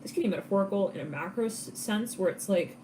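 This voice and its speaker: A woman giving a live tarot reading in a chatty, casual way, laughing often and breaking into quick asides. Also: medium pitch, expressive, darkish tone, slight background noise. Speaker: tarot reader.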